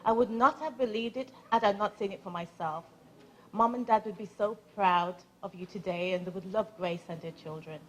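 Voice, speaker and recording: A woman's voice: medium pitch, brisk, slight background noise, poor audio. A woman giving a wedding speech as the groom's sister, playful and teasing herself, then heartfelt. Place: wedding reception.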